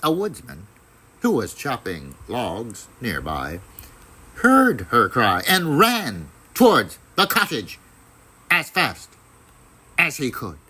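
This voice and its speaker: Slow, expressive male storyteller. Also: medium pitch, husky, poor audio. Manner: deliberate, expressive delivery. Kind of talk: dramatic storybook reading.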